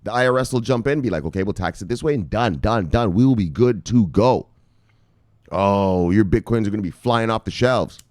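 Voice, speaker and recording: A man from Canada giving excitable, profane crypto news commentary, repeating himself and calling viewers brothers. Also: on the low side, a little fast, dry recording, clean studio sound.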